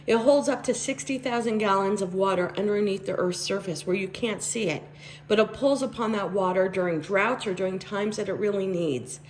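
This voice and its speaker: A hoarse woman who has almost lost her voice, talking in a chatty, earnest way as a tarot reader giving a spiritual reading. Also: medium pitch, normal speed, a little hiss or hum. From Las Vegas, Nevada. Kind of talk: casual tarot reading monologue.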